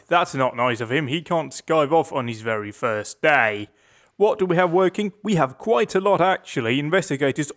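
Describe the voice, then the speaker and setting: A young man talks through a police management game, reading events aloud and tossing in dry puns. His voice sits a touch high for a man, and the tone stays casual and wry. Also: fairly bright tone. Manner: wry, jokey, reads game text aloud with quips. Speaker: gaming YouTuber. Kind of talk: casual let's play commentary.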